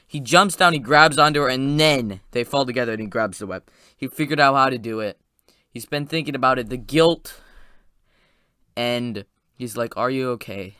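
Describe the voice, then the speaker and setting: A man recaps a film in a rambling, excited spoiler review, piling on asides as he goes. His voice is bright, smooth and crisp. It sounds close and dry, with no room around it. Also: mid-range voice, normal speed, no room sound. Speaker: movie reviewer.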